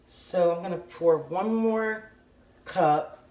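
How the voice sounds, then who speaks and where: A middle-aged woman with a Southern US accent giving a casual kitchen how-to, rambling and halting, often stopping mid-sentence to restart. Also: fairly low pitch, background noise. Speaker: home cooking channel host.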